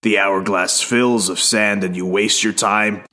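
Man reading comic lines in a low voice. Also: steady tone, a little slow, pushed and bright. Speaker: podcast co-host. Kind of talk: casual chat.

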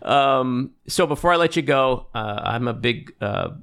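A man's voice: mid-range voice, expressive, a little slow, creaky, a bit bright, clear, resonant tone. A man hosting a podcast, talking in a casual, rambling, chatty way. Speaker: podcast host. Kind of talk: podcast interview and outro.

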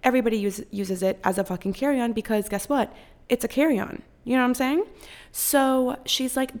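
A woman's voice: a little high, normal speed. A young woman hosting a podcast, telling a story in casual chat, swearing freely and acting out other people's voices. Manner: profane and animated, acts out others' voices. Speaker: podcast host.

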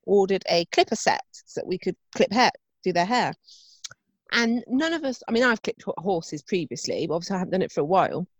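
A woman's voice: mid-range voice, no echo. A woman chatting casually, telling a family story with acted-out voices and laughter. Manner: animated storyteller, acts out voices, laughs often.

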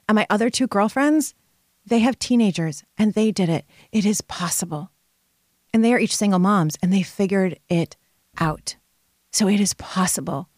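A woman in her forties, a coach, shares personal stories straight into a close, dry mic. Her middle-range voice leaps up high whenever she voices her worries. The storytelling is lively and heartfelt. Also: dry recording. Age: 40s. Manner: animated, big pitch leaps when voicing her own worries. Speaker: retreat leader and women's coach.

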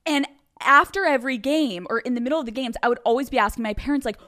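Young woman host from outside Philadelphia, chatty interviewer, voice slightly high. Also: fast talker, pushed and bright. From near Philadelphia, USA. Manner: chatty, laughs often. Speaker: podcast host. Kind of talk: casual interview chat.

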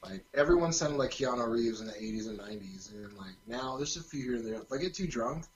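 A man's voice: mid-range voice, lively intonation, fast, muffled recording. A man from California, a guitarist guest, chatting in an easygoing way and saying "like" a lot. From California, USA. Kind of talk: casual chat.

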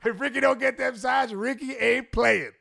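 A man voicing a brash male star ballplayer who talks about himself in the third person, in a high, exclaiming, slow drawl. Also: creaky, pushed and bright, heavily acted. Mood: defiant.

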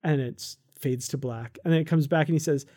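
Podcast co-host, chatty and enthusiastic, mellow tone, mid pitch, laughs a lot. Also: a little fast. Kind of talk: casual chat reviewing a comic.

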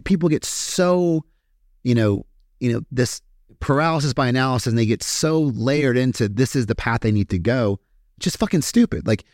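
A man's voice: medium pitch, a little mellow, no echo, clean studio sound. A man from Kentucky with a Kentucky accent, a podcast guest telling his story in a candid, profane, casual way with many fillers.

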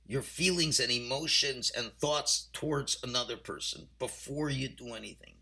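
Bright-voiced man giving a Torah talk. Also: mid-range voice. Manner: emphatic storytelling, swinging from quiet to loud; mixes in Hebrew and Yiddish terms. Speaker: rabbi. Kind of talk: weekly Torah portion talk.

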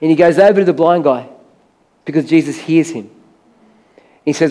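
A high-pitched man preaches from a church stage. He tells Bible stories with animation and acts out the voices of the characters. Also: lively intonation, normal speed, long pauses, mellow. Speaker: pastor. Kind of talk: sermon.

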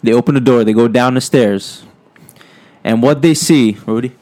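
A man's voice: mid-range voice, normal speed, warm tone. A man co-hosting, telling an improvised comedy story in a casual, cursing way, often asking "right?".

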